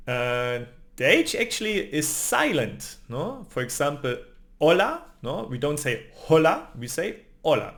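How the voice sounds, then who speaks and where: A man's voice: medium pitch, gravelly, a bit bright. A man with a Spanish accent, a native Spanish speaker, teaching pronunciation and checking in with listeners by tagging "no?" onto his sentences. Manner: explains patiently with tag questions, often adds "no?". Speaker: language teacher. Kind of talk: spoken pronunciation lesson.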